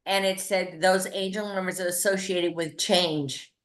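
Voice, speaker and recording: A woman's voice: on the low side, steady tone, unhurried, roomy sound, rough recording. An older woman telling a story casually over a video call, chatty and rambling, often restarting her sentences.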